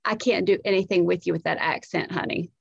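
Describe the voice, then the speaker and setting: A woman voicing a refined older female theater director who is sweetly frank with a teenager in a soft, polished way. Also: on the low side, fairly even intonation, fast talker, vocal fry, breathy edge, no room sound, dull audio, full character voice. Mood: gently blunt.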